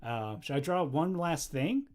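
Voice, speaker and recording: A young man chatting casually on a livestream while drawing, rambling and easily distracted, breaking into quick laughs. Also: fairly high pitch, expressive, a little mellow. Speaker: livestreamer and animator.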